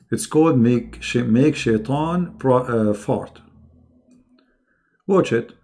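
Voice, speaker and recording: A man hosting a livestream, talking casually with a mocking, sarcastic, animated manner. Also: mid-range voice, extremely slow, pauses often. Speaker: livestream host.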